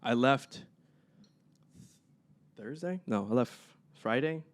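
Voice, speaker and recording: A man's voice: medium pitch, slow pace. A young man, a podcast co-host, telling stories in a casual chat and acting out the people in them. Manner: animated, acts out people in his stories.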